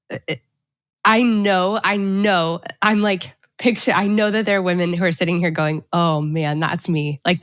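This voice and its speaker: Enthusiastic lower-voiced woman host. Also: dry recording, studio quality. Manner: enthusiastic, affirming, many filler likes. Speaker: podcast host. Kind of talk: casual podcast chat.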